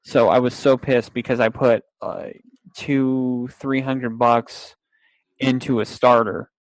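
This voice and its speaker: A man's voice: mid-range voice, little pitch movement, slow, no room sound. Rambling young man telling a story. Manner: rambling, with restarts, laughs and acted-out quotes. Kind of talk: casual storytelling.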